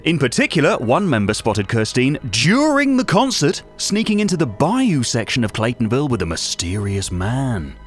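Gossipy, vain British radio host, played by a man, rambling asides with a wildly animated voice. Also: mid-range voice, moderate pace, hardly any pauses, soft background music. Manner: gossipy, rambling, self-regarding. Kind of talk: comedy radio monologue.

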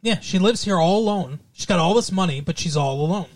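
A man co-hosting a podcast, recapping a show in casual chat with wry, deadpan asides. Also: sits high, brisk. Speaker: podcast co-host.

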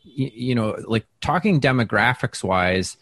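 A man who does stand-up, telling stories in a casual interview, chatty and self-deprecating, with lots of fillers and restarts, and he acts out quoted lines with big jumps in pitch. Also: animated, unhurried, fairly bright tone, dry recording, studio quality. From Wisconsin. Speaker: stand-up comedian, guest. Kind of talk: casual interview talk, storytelling.

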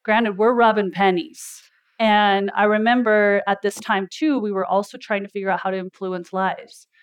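A woman's voice: medium pitch, fairly even intonation, moderate pace, smooth. A woman life coach giving a motivational talk at a live event indoors, chatty and storytelling, laughing often.

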